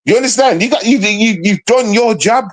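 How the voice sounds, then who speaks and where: Male streamer, slightly high pitch, heated profane rambling. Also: moderate pace, rough recording. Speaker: livestream host. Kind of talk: rambling livestream talk.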